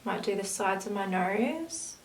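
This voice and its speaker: Talking at a measured pace in an expressive, mid-range voice, this woman works through a makeup tutorial as a vlogger, drifting into casual asides. Distant camera audio makes it sound roomy, with a faint hiss.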